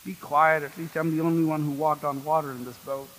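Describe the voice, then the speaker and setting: A man voicing a defensive disciple fisherman who snaps back at a friend, a bit lower than his own voice. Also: level tone, fairly quick, fairly bright tone, in a large hall, slight background noise, lightly acted, poor audio.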